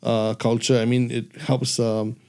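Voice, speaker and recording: A man hosting an interview show, upbeat and playful, reacting quickly to his guest. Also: medium pitch, little pitch movement, darkish tone, clear, resonant tone. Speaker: host.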